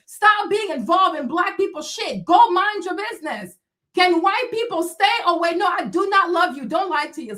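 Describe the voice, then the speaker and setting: A woman's voice: extremely high pitch, a bit bright. A woman hosting a livestream, talking in a blunt, heated and profane way, mocking her audience with bursts of laughter. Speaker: livestream host. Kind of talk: ranting commentary stream.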